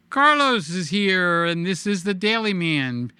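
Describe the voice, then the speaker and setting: A man's voice: high voice, lively intonation, pushed and bright, smooth, dry recording. A man hosting a casual live-stream, reading viewer comments aloud and teasing them in a playful, sing-song way. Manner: sing-song, drawn-out emphasis.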